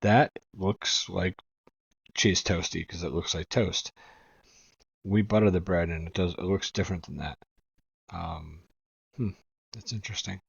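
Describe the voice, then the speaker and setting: A chatty reaction host from New England with a very low voice. He rambles on and drops the odd swear. The recording is dry and somewhat dull. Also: steady tone, unhurried, creaky, long pauses, breathy edge, no echo. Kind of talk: casual commentary.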